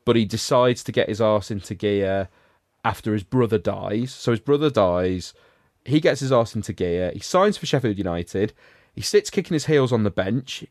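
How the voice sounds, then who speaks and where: Man, podcast host, low voice, dry close sound, sardonic rambling chat. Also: a little mellow, dry recording. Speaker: podcast host reviewing a film. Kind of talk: casual chat.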